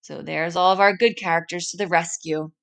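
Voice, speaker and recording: A woman teacher reading a story aloud and pausing to explain it to her class, often checking in with "right?". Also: lowish voice, fairly even intonation, vocal fry, a bit bright.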